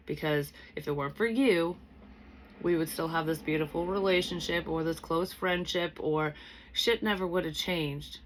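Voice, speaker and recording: A young woman talks her way through a psychic reading in a low voice, circling back and restarting as she thinks aloud. She swears casually and never sounds scripted. A faint hiss of noise sits behind her. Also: normal speed, fairly bright tone. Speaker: psychic medium reader. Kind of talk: casual spoken tarot reading.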